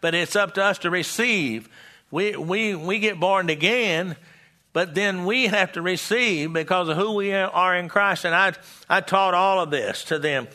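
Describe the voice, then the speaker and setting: Older preacher, bright forceful voice. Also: male voice, high-pitched, unhurried. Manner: folksy, stammering restarts, call-and-response asides. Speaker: pastor. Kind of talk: sermon. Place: church.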